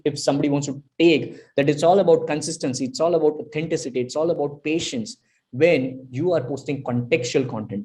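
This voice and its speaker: A man from India, a podcast guest, telling stories in an emphatic, animated way over a video call. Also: fairly high pitch. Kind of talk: casual podcast storytelling.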